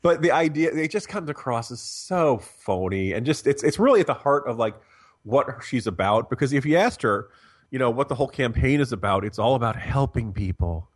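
A man's voice: medium pitch, expressive, brisk, no room sound, clean studio sound. A man from New Jersey, a guest commentator in a casual political chat, talking sarcastically and repeating words for comic effect.

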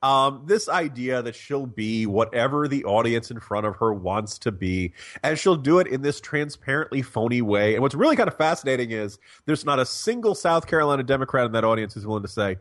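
A man's voice: mid-range voice, expressive, fairly quick, few pauses, fairly bright tone, no room sound, studio quality. A man from New Jersey, a guest commentator in a casual political chat, talking sarcastically and repeating words for comic effect.

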